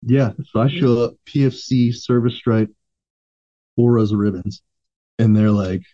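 A man's voice: medium pitch, measured pace, dark tone, dull audio. A man, a veteran podcast guest, telling long profane anecdotes in a laid-back, rambling way. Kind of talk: casual storytelling.

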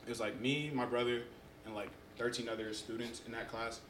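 A young man in casual conversation as a podcast guest, telling stories in an animated way and acting out what people said. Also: medium pitch, fairly quick, slight background noise. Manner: animated storyteller who acts out quotes. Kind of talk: casual chat. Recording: roomy echo.

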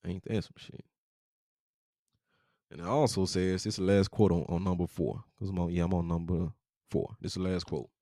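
A man's voice: low-pitched, steady tone, fast talker, dark tone, no room sound, clean studio sound. A man hosting a podcast, reading passages from a book aloud and adding casual, profane comments between them, speaking. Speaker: podcast host.

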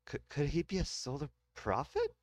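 Guy putting on a high-pitched curious young woman in a homemade sci-fi audio drama, eager questions, dry close sound. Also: wildly swooping pitch, normal speed, darkish tone, no room sound. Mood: questioning.

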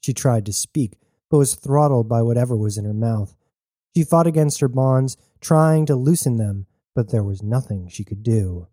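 A male narrator reads a story in measured, deliberate phrases, pausing often. His voice is very dark and mellow, and the close, dry recording has no room sound. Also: medium pitch, expressive, no echo. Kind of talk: scripted audiobook narration.

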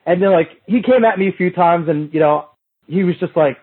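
This middle-aged man, a guest on a podcast, has a slightly high, husky voice and talks a little fast. His casual storytelling rambles, with frequent restarts and impressions of others when he quotes them. The sound is thin, like a phone-line remote connection.

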